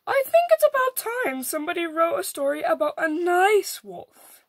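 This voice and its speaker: A woman's voice: very high-pitched, big pitch swings, normal speed, dry recording, clean studio sound, pitched above the performer's own voice, heavily acted. A woman voicing a friendly, polite male wolf in a picture-book reading, speaking eagerly and courteously.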